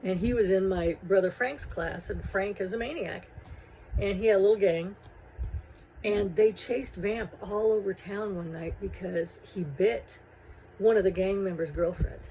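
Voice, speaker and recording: A woman telling a personal story in a casual, animated way, with amused laughing asides. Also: mid-range voice, unhurried, slight background noise, poor audio.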